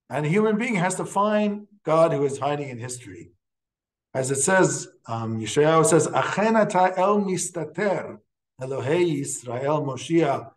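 A man teaching as a rabbi in a lecture, talking in halting phrases with frequent restarts and telling stories with quiet laughs. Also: on the high side. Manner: storytelling with laughs and Hebrew quotes. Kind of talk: classroom lecture.

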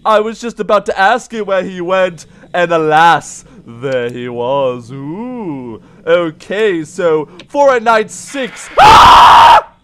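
Brief: manic high-voiced male puppet, slow and drawn out between screams, jittery game commentary. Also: noisy background. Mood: frantic. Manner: shrieking and yelling, then sudden mumbles. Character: shrill frantic male puppet, jumpy and easily rattled. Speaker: let's play commentator.

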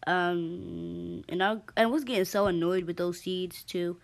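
A woman's voice: on the low side, fairly even intonation, unhurried, creaky, noisy background. A woman hosting a casual game-play video, chatty and rambling, full of ums and asides to her viewers, and slightly out of breath. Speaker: gaming channel host.

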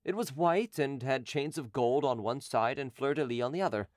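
A man narrates an audiobook in a steady, measured voice. His pitch sits in the middle range. The recording is dry and close to the mic. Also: dry recording. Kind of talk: scripted narration.

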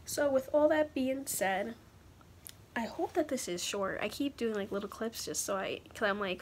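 A young woman talking haltingly in a personal confessional vlog, pausing often to collect her thoughts. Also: a little high, slight background noise. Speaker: vlogger.

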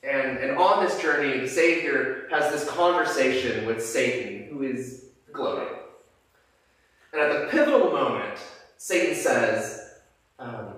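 A man's voice: medium pitch, a little slow, fairly bright tone. A man preacher giving a sermon, telling a story with frequent fillers and restarts in a church sanctuary. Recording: echoey church from a distance.

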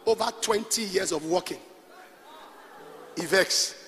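A man with a Nigerian accent preaching a sermon, shifting from quiet asides to shouted calls and leading the congregation in prayer. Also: high-pitched, takes it slowly. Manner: emphatic preaching, alternating soft asides with shouts; leads call-and-response prayer and prays in tongues. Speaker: pastor. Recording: reverberant hall with faint noise.

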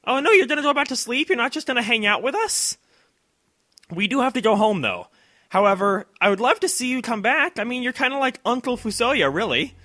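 A man giving excited commentary over a video game playthrough, cheering at the big moments and talking to the characters. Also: extremely high pitch, brisk, no echo, studio quality. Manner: talks to himself and to the characters. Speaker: let's play host.

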